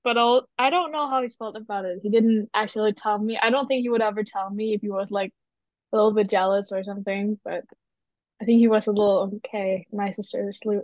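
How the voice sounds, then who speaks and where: A woman's voice: medium pitch, fairly even intonation, a little fast, no echo. A young woman from Denmark, chatting on a podcast as guest co-host, giggly and hesitant with lots of "like". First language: Danish. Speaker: exchange student guest co-host. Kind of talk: casual podcast chat. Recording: dull lo-fi audio.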